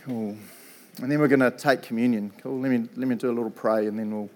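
A middle-aged man with a New Zealand accent delivers a sermon in a loose, conversational way. His voice sits at an ordinary medium pitch, and he keeps tagging on "eh" and "right". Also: steady tone, fast, darkish tone. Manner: casual and chatty, lots of "eh" and "right". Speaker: preacher and Bible college principal.

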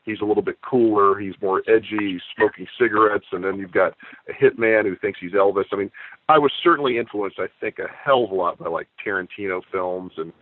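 A man guesting on an interview, a comic book writer telling stories in a relaxed, reflective way. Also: on the low side, a little fast, no echo. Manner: storytelling, leisurely and reflective. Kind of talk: casual interview chat. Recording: tinny phone-line audio, dry.

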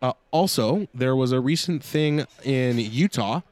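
A man's voice: mid-range voice, unhurried, a little mellow, dry recording. A man co-hosting a casual podcast, reading listener email and giving blunt, joking opinions. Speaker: podcast co-host.

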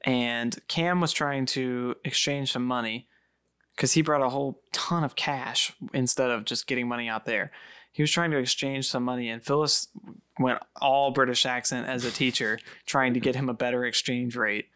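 An easygoing young American man co-hosting a podcast, playful and relaxed in conversation. His voice is smooth and resonant, at a middling pitch, and sits dry and close to the mic. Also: normal speed, no echo. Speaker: podcast co-host. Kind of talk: casual chat.

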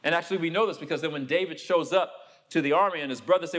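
A man preaching a sermon, telling a story and acting out the people in it, then turning quiet and low for a personal confession. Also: very fast. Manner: storytelling, acts out the people he quotes.

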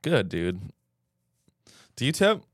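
A man's voice: mid-range voice, very animated, slow, no echo, studio quality. Joking young man on a podcast. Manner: joking, defensive banter. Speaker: podcast co-host. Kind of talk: casual chat.

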